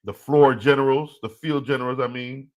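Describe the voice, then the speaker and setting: A man talks casually as the host of a fantasy football live stream. He jokes and laughs as he goes, using relaxed slang. His pitch sits mid-range for a man. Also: moderate pace. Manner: animated, joking, laughs often, speaks in slang.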